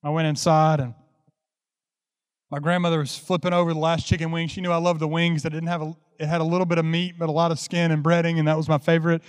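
A man's voice: a little high, level tone, quick pace, clear, resonant tone, big-room sound. A man preaching a sermon, telling a folksy story that builds into fervent preaching. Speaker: pastor.

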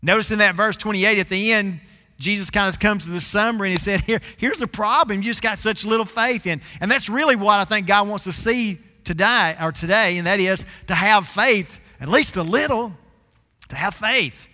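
Bright-voiced preacher in a reverberant hall. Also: male voice, high voice, normal speed. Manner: folksy storytelling, stretches out scripture words for emphasis. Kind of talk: sermon.

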